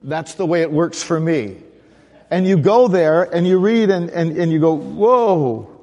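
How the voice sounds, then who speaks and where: A man with a fairly high voice delivers a sermon as the pastor, speaking conversationally and asking the congregation questions. His voice carries a long reverb, like a church sanctuary. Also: unhurried, dark tone, lo-fi sound.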